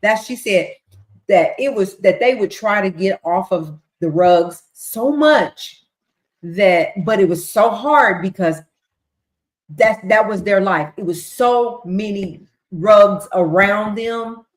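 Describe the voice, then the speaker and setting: A woman's voice: mid-range voice, expressive, takes it slowly. A woman hosting a livestream, casually recapping court testimony and acting out quotes as she goes. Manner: chatty, retells with voiced quotes and ad-libs. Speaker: livestream host. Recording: roomy echo.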